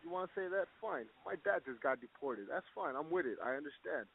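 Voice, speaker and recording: A man's voice: on the high side, animated, fairly quick, vocal fry, husky. Man of Mexican origin, blunt and rambling, profane, tinny phone-like audio. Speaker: boxer, guest segment. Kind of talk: casual recorded opinion segment.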